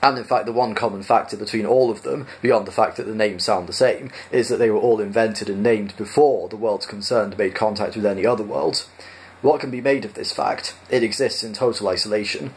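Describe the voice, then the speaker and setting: A man reading a comic science-fiction novel aloud, narrating in a dry, even manner. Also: lowish voice, fairly quick. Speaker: storyteller.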